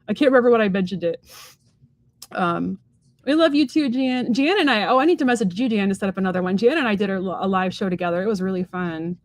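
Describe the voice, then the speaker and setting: A woman's voice: medium pitch, expressive, fast talker, no echo. A middle-aged woman hosting a casual livestream chat, rambling and enthusiastic with lots of fillers. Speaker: psychic medium and livestream host.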